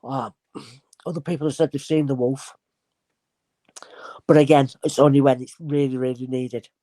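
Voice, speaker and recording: Her voice is a bass, her pace moderate, and there's no room sound. As a guest spirit medium, she tells stories casually and animatedly, performing the voices of the people in them.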